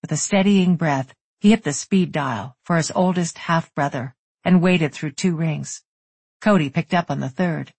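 Low, husky-voiced woman narrating. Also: a little slow, darkish tone, dry recording. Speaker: audiobook narrator. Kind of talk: scripted narration.

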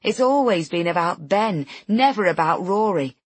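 Low raspy lady reading a novel, tense inner thoughts, dry studio sound. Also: expressive, normal speed, no echo. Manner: tense, introspective. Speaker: audiobook narrator. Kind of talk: first-person novel narration.

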